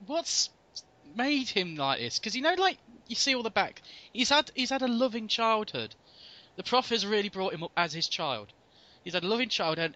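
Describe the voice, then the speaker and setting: A man in casual conversation about films, lively and halting, often restarting his sentences. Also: high-pitched. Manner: animated, halting with restarts, mimics lines. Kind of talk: casual film discussion. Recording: dull lo-fi audio.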